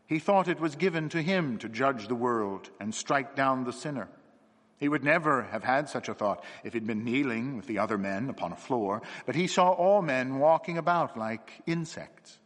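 A man voicing a gentle, perceptive little priest who speaks gravely and calmly. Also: mid-range voice, moderate pace. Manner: grave, quiet and calm. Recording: long hall reverb.

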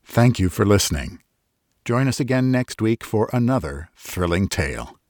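A man hosting a story show, reading a first-person tale in a measured, deliberate way. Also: on the low side, very animated, darkish tone, no echo, clean studio sound. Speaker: storyteller host.

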